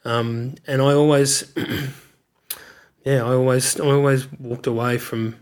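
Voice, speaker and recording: A man's voice: medium pitch, level tone, takes it slowly, clear, resonant tone. A middle-aged man with an Australian accent, candidly telling his life story in an interview, reflective and searching for words.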